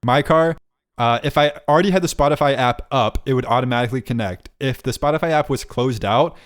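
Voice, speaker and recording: A man's voice: mid-range voice, a little fast. A young man co-hosting a podcast, bantering casually and joking around. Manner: joking, playful. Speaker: podcast co-host.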